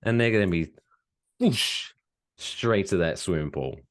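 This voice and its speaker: A man with a very low voice that still rises and falls a lot, cracking jokes as he co-hosts a podcast. He talks in a loose, playful way. The chat is casual and comedic. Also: expressive, brisk, smooth. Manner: playful, jokey, slips into silly voices. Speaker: podcast co-host.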